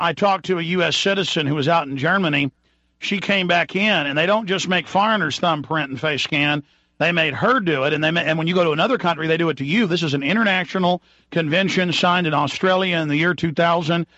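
A man's voice: on the high side, bright, forceful tone, no echo, muffled recording. A man hosting a talk radio show, speaking in an emphatic, indignant rant. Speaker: radio host.

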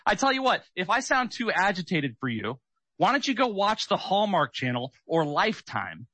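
A man's voice: sits high, sing-song, normal speed, bright, forceful tone, breathy edge, dry recording. A man hosting a talk radio show, agitated, sarcastic and keyed up as he rants at callers. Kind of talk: fired-up radio rant.

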